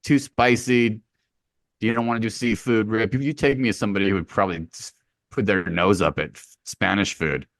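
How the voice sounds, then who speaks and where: A man's voice: fairly low pitch, steady tone, a little fast, fairly bright tone, no echo. A man co-hosting a podcast, rambling and joking in casual sports banter, swearing freely. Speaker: podcast co-host. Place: remote Hawaii.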